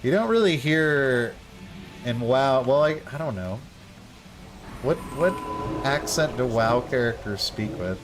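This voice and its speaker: A man's voice: medium pitch, animated, slow pace, long pauses, over music. A young man streaming a game, chatting casually in a laid-back, rambling way full of slang. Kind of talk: casual gameplay chat.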